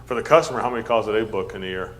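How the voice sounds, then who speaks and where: A man hosting a casual interview about customer service, talking quickly and often repeating words as he thinks. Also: fairly low pitch, slight background noise. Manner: fast, animated, repeats words while thinking. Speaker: host and service trainer.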